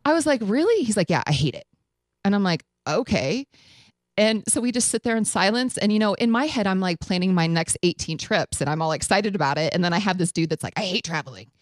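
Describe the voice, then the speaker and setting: Eine Frau, Moderatorin einer Radiosendung, die locker und lebhaft eine persönliche Geschichte erzählt und Zitate mit Lachen nachspielt. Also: female voice, mid-range voice, brisk, no echo. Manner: animated, acts out quotes with laughs. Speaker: radio show host. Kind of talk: casual storytelling chat.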